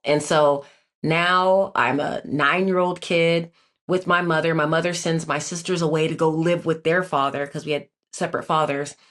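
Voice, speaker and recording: A woman's voice: low voice, steady tone, normal speed, a bit bright. A woman in her forties, a guest in an interview, telling her life story in an earnest, reflective way with many filler words. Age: 40s. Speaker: guest, Olympic athlete.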